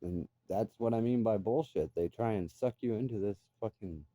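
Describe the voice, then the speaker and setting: A man's voice: fairly low pitch, moderate pace, dark tone, no room sound. A middle-aged man ranting bluntly and profanely in a casual monologue. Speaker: vlogger.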